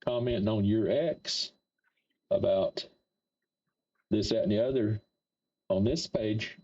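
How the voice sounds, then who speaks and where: A man's voice: on the low side, slow pace, dark tone, slightly rough. A man with an Appalachian accent, hosting a livestream and rambling in a folksy way straight to his chat. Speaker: livestream host. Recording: dull lo-fi stream audio.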